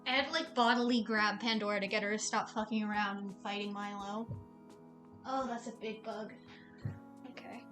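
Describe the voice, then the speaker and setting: A young woman streaming a game, reading the story aloud and chatting, sarcastic and quick to swear. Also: mid-range voice, fairly even intonation, a bit bright, soft background music.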